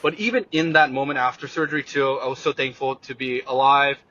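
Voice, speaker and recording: A young man talks through a personal story as an interview guest, pausing and restarting often with lots of fillers. His voice is bright and forward at an average pitch. The recording sounds slightly dull and lo-fi. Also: fairly even intonation. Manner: halting, many fillers and restarts.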